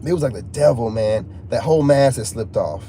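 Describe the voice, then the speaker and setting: A man's voice: mid-range voice, moderate pace, warm tone. A man telling a personal story to viewers in casual, emphatic talk full of slang and repeats. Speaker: channel host. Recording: faint background noise.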